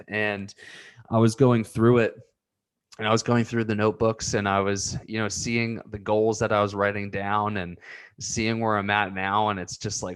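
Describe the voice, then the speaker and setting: A man's voice: on the low side, clear, resonant tone. A man in his twenties rambling earnestly in a personal vlog, getting emotional as he talks. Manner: emotional, earnest, repeats himself. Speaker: vlogger.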